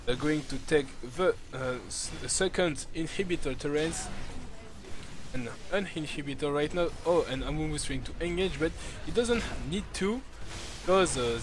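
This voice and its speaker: A man with a French accent, a native French speaker, giving live commentary on a video game match in halting English full of fillers and restarts. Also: fairly high pitch, animated, background noise. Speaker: esports caster. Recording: music playing underneath.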